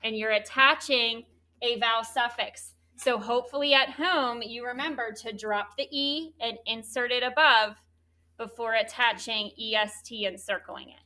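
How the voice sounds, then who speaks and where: A woman teaching a third grade spelling lesson, spelling words out slowly and clearly letter by letter. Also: on the high side, bright, forceful tone.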